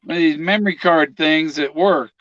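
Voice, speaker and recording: High, giggly man on a dull dry line. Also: normal speed, fairly bright tone, dry recording. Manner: giggly, joking. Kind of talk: casual chat.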